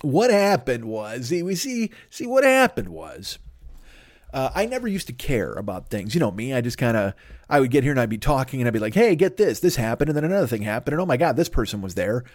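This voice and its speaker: A man's voice: medium pitch, sing-song, a little fast, no room sound, clean studio sound. Profane rambling male podcast host. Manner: profane, rambling, self-mocking. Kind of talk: comedic solo podcast monologue.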